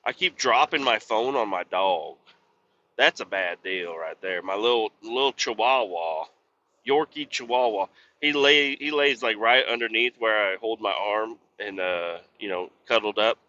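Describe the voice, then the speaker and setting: A man's voice: fairly low pitch, a little slow, sharp tone, slight background noise. Rambling, cussing man in a dull lo-fi recording. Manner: rambling, profane, laid-back storytelling. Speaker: podcast host. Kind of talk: casual solo chat while driving. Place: truck cab on the road.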